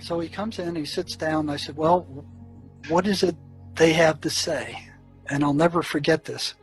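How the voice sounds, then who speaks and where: A man who worked as a therapist in a prison tells stories from his work. He talks earnestly and haltingly, with many restarts and fillers. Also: on the high side, husky, faint music behind, rough recording. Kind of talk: storytelling recollection.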